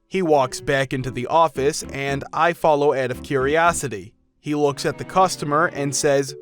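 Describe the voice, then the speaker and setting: A man reading out customer stories in an even storytelling manner. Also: a little high, moderate pace. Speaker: narrator. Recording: faint music behind.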